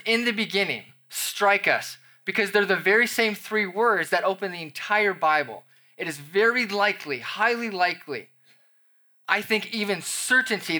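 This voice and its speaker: A man's voice: on the high side, pushed and bright. A man, the pastor, preaching a sermon to his congregation with playful, conversational asides.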